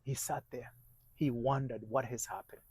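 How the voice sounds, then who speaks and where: A man coaching on marriage, telling a story in halting sentences with many restarts and dropping to a hushed voice at tense moments. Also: medium pitch, steady tone, husky, dry recording, poor audio. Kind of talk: motivational storytelling talk.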